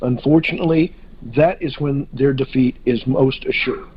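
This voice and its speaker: A man's voice: medium pitch, fairly even intonation, moderate pace, slightly rough, highs cut off. A man in a casual podcast discussion, talking hesitantly with many fillers and restarts.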